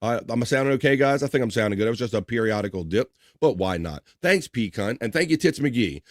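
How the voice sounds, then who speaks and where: A man with a medium-pitched, expressive voice talks fast as he hosts a casual livestream, reading viewer comments aloud and bantering with his chat. The recording is studio quality from a studio microphone, with no echo.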